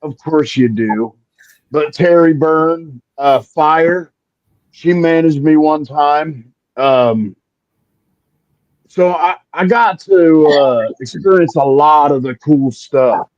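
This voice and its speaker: A man in his forties, a wrestling guest telling stories in a lively, casual way, acting out the people he quotes, heard on a remote stream call. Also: on the high side, slow pace, no echo. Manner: lively raconteur, acts out quoted voices. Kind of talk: casual storytelling. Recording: slightly muffled lo-fi audio.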